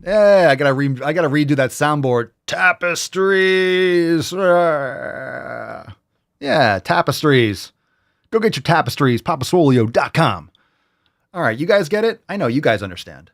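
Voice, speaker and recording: A man's voice: mid-range voice, sing-song, fairly quick, no room sound, studio quality. A man hosting a fitness talk show, ranting crudely and heatedly with sarcastic mimicry. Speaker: host. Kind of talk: profane ranting commentary.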